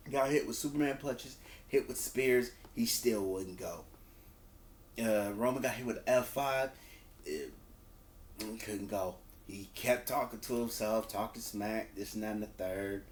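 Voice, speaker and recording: A man at an average pitch gives a casual, animated wrestling review. He repeats himself, trips over restarts and jumps into a higher voice to act out what people said. The room around him sounds echoey. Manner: animated, acts out quotes in a higher voice; loose, repeats words and restarts. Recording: roomy echo.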